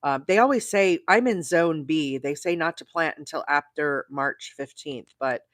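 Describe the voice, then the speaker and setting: A woman's voice: low voice, moderate pace, no echo, clean studio sound. A middle-aged woman from the American South chatting casually with viewers while crocheting, laughing often and greeting people by name. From South Alabama. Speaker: crochet livestream host.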